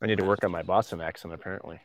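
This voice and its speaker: A man's voice: sits low, fairly even intonation, very fast, no room sound. A man co-hosting a casual hockey talk, dropping wry jokes and many filler sounds. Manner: wry, joking, heavy on fillers. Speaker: co-host.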